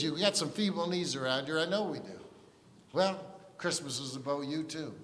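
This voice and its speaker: Male pastor, fairly high voice, chatty earnest sermon, long church reverb. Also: expressive, normal speed, a bit bright. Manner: conversational and earnest, with frequent restarts and asides. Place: church sanctuary.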